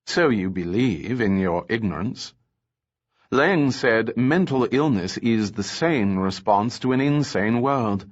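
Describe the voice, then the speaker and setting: A man's voice: lowish voice, lively intonation, takes it slowly, muffled recording. A man voicing a defiant, sarcastic young woman. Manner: biting, sarcastic. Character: sharp-tongued, defiant young woman captive.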